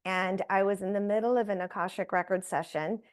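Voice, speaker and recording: A woman, a guest on an interview show, telling a personal story in a lively way and acting out the voices she quotes. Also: mid-range voice, brisk, clean tone. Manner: animated, acts out quoted voices.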